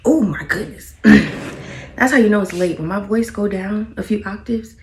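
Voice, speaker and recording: A woman's voice: mid-range voice, unhurried, darkish tone, roomy sound, slight background noise. A tired young woman, vlogging in casual, dramatic, self-mocking chat while painting at home, sometimes dropping to a whisper.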